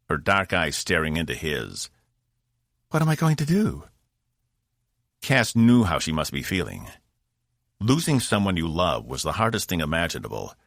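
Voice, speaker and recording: A male audiobook narrator with a very low, gravelly voice that moves a lot in pitch. He tells the story in a measured, steady way. The sound is close and dry. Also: dry recording. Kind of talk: scripted narration.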